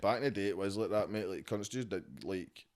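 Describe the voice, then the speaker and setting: A man's voice: on the low side, fairly quick, a little mellow. A man with a Scottish accent in a casual podcast chat, rambling and swearing freely. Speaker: podcast guest.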